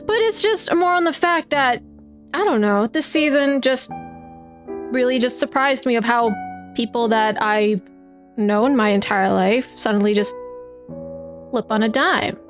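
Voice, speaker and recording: High-voiced woman playing a tabletop game. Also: a little slow, long pauses, faint music behind. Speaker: player. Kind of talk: playing a tabletop role-play.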